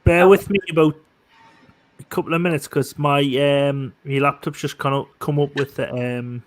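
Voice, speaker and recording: A man's voice: on the high side, normal speed. A man chatting over a video call, telling stories in a rambling, stop-start way. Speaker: guest.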